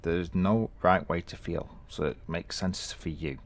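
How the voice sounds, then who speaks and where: A man playing through a video game, talking back to its characters in a gentle, reassuring, rambling way. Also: deep voice, measured pace. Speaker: let's play gamer.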